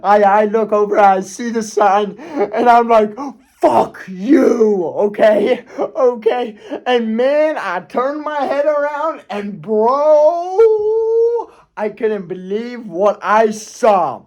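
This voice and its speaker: This YouTuber's voice is very high-pitched and a little mellow, with lively intonation and a slow pace. Rambling through a personal story on his video channel, he swears, restarts, and often checks in with "okay?"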